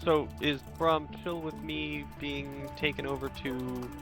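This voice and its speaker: A man playing a tabletop game and chatting casually and excitably. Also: a little high, measured pace, music in the background. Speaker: player.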